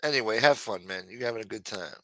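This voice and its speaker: Profane, bright-voiced stream host. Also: male voice, fairly low pitch, fast, no room sound. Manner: profane, rambling and riffing. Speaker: live-stream show host. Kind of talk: casual chat, reading viewer comments.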